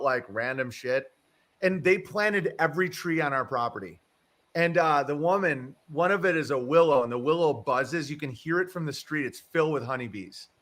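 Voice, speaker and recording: A man's voice: a little high, fairly bright tone. A man hosting a casual livestream, rambling through a story, chuckling and swearing casually. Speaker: livestream host. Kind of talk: casual chat.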